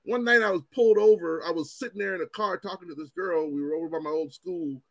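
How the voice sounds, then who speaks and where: A man in his forties telling stories in casual chat as host, animated and profane, acting out what others said. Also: sits high, fast, no room sound. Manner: animated, profane, acts out quotes in raised voices.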